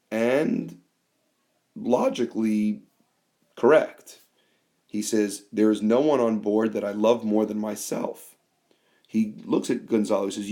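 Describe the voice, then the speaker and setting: A man teaching a class in a screencast, explaining slowly with fillers and reading quoted lines aloud. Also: on the low side, warm tone. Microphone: tablet microphone.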